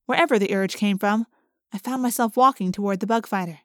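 A woman narrating a first-person novel in a clear, measured storytelling manner. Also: medium pitch, no echo, clean studio sound. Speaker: audiobook narrator.

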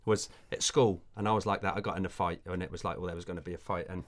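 Man, fast rambling talker, low voice, film chat, lots of fillers. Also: steady tone. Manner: rambling, hesitant, many fillers. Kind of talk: casual film discussion.

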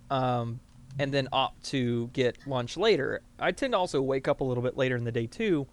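A man from the American South, co-hosting a podcast in casual, rambling chat full of fillers. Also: on the high side. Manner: rambling, filler-heavy, laughs often. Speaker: podcast co-host.

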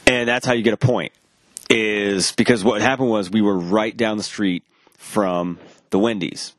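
A man with a lowish voice spins a rambling anecdote in casual chat. He acts out the voices of the people in his story, stumbling over restarts and dropping the occasional curse. The sound is dry and close, with no room around it. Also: measured pace, dry recording. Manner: animated, acts out quoted dialogue; rambling with frequent restarts and profanity.

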